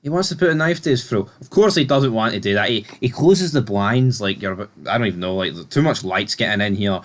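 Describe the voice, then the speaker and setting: A man, co-hosting a casual review podcast, recapping scenes in a relaxed way with sweary asides. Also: lowish voice, brisk. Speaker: podcast co-host.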